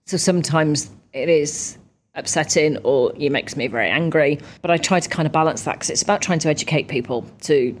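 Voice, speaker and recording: A woman from the UK, a guest in a conversational interview, chatty and lively when telling stories. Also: low-pitched, a little fast, slight background noise. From United Kingdom. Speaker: interview guest, parliamentarian and ex-athlete.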